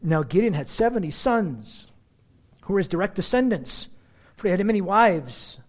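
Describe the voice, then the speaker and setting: A middle-aged man preaching a sermon with a slightly high voice that swings widely in pitch. He tells everyday stories in a loose, chatty way, with asides to the congregation and frequent throat-clearing. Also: big pitch swings, moderate pace. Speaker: pastor.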